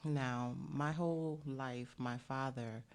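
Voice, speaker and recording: A woman's voice: a bass voice, steady tone, takes it slowly, a little mellow. A middle-aged woman from the United States, talking as a guest in an interview and telling an earnest story with many fillers. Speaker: bakery owner, guest.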